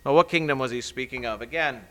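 A male pastor preaching a sermon, building to loud emphatic peaks and then dropping soft and low. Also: fast talker, rough recording.

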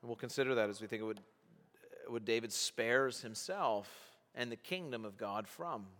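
Bright-voiced male preacher in a reverberant hall. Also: medium pitch, moderate pace. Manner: preaching with rising, emphatic bursts. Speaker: pastor. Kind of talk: sermon.

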